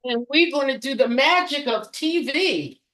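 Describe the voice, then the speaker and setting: A woman guest casually demonstrating a recipe and telling her story, halting and correcting herself often. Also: sits high, animated, fairly bright tone. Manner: halting, self-correcting, many fillers.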